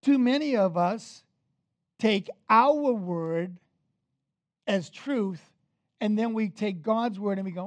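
Emphatic preacher with a dry sound. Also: male voice, high-pitched, slow, pauses often, no echo. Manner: emphatic, rises and falls in loudness, talks straight to the congregation. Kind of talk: sermon.

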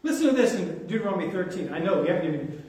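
High-voiced preacher in a booming, echoey hall. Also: male voice, very animated, rapid-fire, darkish tone. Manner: emphatic, with rhetorical questions to the congregation. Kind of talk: sermon. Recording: very echoey, from far off the mic.

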